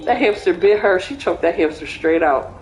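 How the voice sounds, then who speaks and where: A woman's voice: lowish voice, animated, normal speed, a little mellow, a little hiss or hum. Chatty young woman in a roomy space. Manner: rambling, chatty storytelling with frequent fillers. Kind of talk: casual chat. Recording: roomy echo with faint music.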